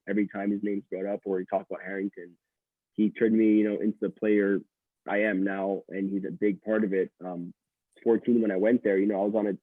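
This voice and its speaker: A man's voice: on the low side, husky, no room sound. A young man from Quebec, a college hockey player telling stories as a guest, rambling with many fillers and restarts. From Quebec, Canada. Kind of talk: casual storytelling interview. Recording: dry tinny call audio.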